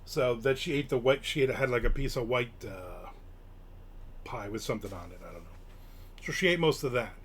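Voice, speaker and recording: A middle-aged man hosting a live stream, rambling casually with lots of fillers and sudden bursts of excitement. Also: mid-range voice, moderate pace, husky. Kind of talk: casual chat, reading and answering chat.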